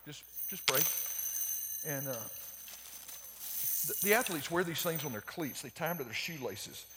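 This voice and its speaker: An older man preaching an evangelistic sermon, telling stories fervently and swinging from loud urgent peaks to hushed lows. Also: expressive, moderate pace, background noise. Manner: storytelling with many repeated words. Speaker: speaker. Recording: long reverb in a large hall.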